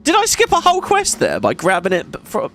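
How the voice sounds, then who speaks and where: A male let's play host giving casual gameplay commentary. His voice sits a little high and leaps around as he gets excited. He is chatty and swears freely, with game music faintly behind. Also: brisk.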